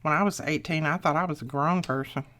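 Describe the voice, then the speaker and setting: A woman's voice: low-pitched, fast talker, heavy background noise. An older woman, chatting casually and folksily while she walks through a crafting tutorial, thinking aloud as she works. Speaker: crafting channel host.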